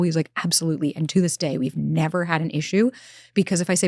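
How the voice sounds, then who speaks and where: A woman who is a relationship expert, telling personal stories in a relaxed interview and acting out her own inner dialogue. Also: sits low, racing, creaky, no room sound, clean studio sound. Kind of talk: conversational storytelling. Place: studio.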